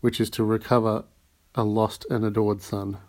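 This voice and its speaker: A man's voice: on the low side, little pitch movement, moderate pace, a little mellow, natural voice. Timid old Italian major, read by a man. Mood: eager. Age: older. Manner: timid and eager to please. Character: timid, eager old Italian ex-soldier, male.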